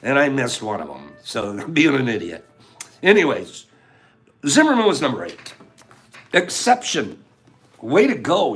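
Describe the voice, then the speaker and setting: Playful male livestream host, lively pitch. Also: measured pace, long pauses, soft background music. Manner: playful, teasing, chatty with viewers. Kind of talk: casual livestream chat.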